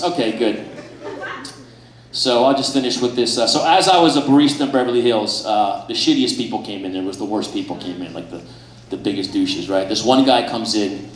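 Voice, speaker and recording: A man's voice: medium pitch, fairly quick, recorded from a distance, heavy background noise. Man ranting stand-up in a roomy club. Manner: profane ranting punchlines. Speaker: stand-up comedian. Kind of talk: stand-up comedy set. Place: comedy club stage before a laughing audience. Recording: roomy live club audio from afar.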